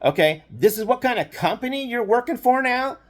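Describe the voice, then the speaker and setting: A man's voice: very high voice, lively intonation, a little fast. An older man telling a story from his own life in a casual, rambling way, indignant at times and full of fillers and restarts. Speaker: storyteller recounting his past.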